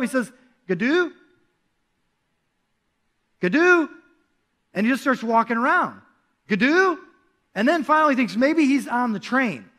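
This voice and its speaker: A young adult male pastor delivers a sermon in a church, telling a story with animated, acted-out quotes. His voice sits very high for a man, with a bright, forceful edge, and he breaks into loud calls at key moments.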